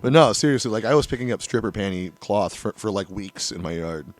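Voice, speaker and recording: Animated middle-aged man telling a crude story. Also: fairly low pitch, quick pace. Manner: animated, swears freely. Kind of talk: casual storytelling.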